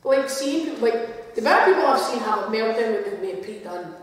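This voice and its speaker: A Scottish woman who wrestles, telling stories in a casual interview. She is animated, full of fillers, and acts out what other people said. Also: on the high side, brisk, over a noisy crowd. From Scotland. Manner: animated, acts out quoted voices, many fillers. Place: large hall at a wrestling venue. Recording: echoey hall, mic far away.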